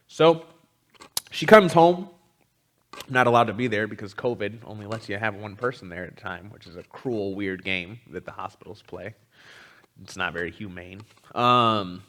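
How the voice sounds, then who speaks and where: A guest teacher at a spiritual community gives a personal storytelling talk in a sharp-toned, medium-pitched male voice. He speaks candidly and conversationally, with frequent ums.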